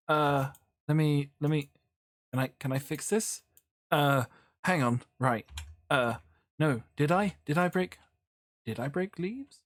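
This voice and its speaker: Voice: mid-range voice, takes it slowly, pauses often, no room sound, studio quality. A gaming YouTuber, chatting casually while building in a sandbox game, rambling and often breaking off mid-thought. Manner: chatty, rambling, self-interrupting. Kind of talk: casual Minecraft building commentary.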